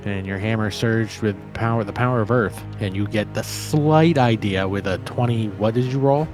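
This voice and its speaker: A man's voice: on the low side, moderate pace, over music. A man narrating as game master of a tabletop game, easygoing and a little rambling.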